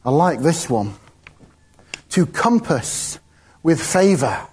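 A man's voice: a little high, very animated, takes it slowly, darkish tone, husky. A man giving an informal, chatty sermon, often laughing between his points. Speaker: preacher.

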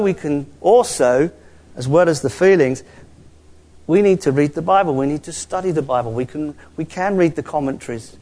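A man preaching a sermon, swinging between quiet asides and rising exclamations. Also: fairly high pitch.

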